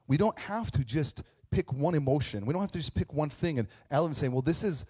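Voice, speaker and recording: A man's voice: on the high side, fairly quick, breathy edge. Guy pastor giving a casual sermon, jokey asides, lots of likes and ums, storytelling vibe. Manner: conversational, self-deprecating, lively storytelling with asides and fillers.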